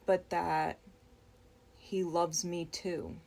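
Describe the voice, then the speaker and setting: Low, gravelly woman for a dream-story read: unhurried, reflective, halting. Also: flat delivery, darkish tone. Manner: slow, reflective, with frequent pauses and restarts. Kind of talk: recounting a dream.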